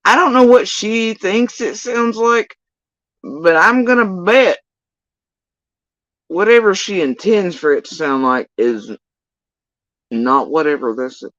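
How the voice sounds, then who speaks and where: A woman's voice: mid-range voice, slow, pauses often, a bit bright, no echo, highs cut off. A woman hosting a livestream, ranting in casual, sarcastic and profane reaction commentary. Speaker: livestream host.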